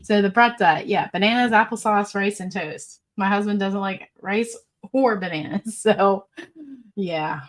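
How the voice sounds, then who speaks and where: A woman's voice: mid-range voice, measured pace. A woman hosting a casual live stream, reading viewer comments aloud in a chatty, rambling way and laughing often. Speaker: livestream host.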